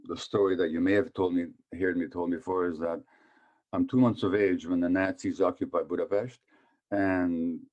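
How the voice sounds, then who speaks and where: Man, 70s, from Hungary, very low voice, conversational lecture, asks the audience questions. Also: a little mellow, highs cut off. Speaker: physician speaker. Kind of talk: public talk on trauma.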